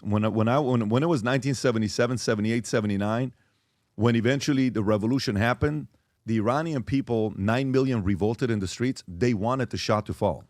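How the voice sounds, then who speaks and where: A man's voice: mid-range voice, no room sound, studio quality. A man hosting a podcast panel discussion, earnest and questioning, thinking aloud. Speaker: podcast host.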